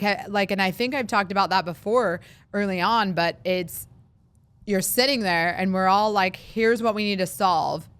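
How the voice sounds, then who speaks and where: Chatty woman podcaster, smooth voice. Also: mid-range voice, dry recording. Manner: chatty, animated, acts out worried voices in quick asides. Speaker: podcast host. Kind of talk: casual solo podcast monologue.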